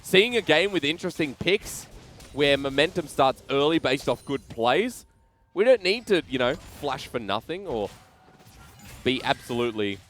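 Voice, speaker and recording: Excitable Australian esports caster. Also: male voice, medium pitch, normal speed, faint music behind. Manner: excitable, joking banter between calls. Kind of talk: play-by-play esports commentary.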